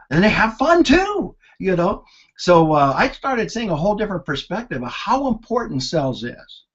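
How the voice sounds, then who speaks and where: A man in his sixties presenting a marketing lesson, telling anecdotes in an animated storyteller's way. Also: a little high, breathy edge, highs cut off.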